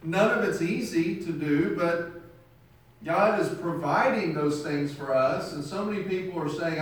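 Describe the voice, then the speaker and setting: A man's voice: a little high, measured pace. A man preaching a sermon and telling illustrations, acting out the voices of the people in his stories. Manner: storytelling, acts out quoted voices. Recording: very echoey room from far off.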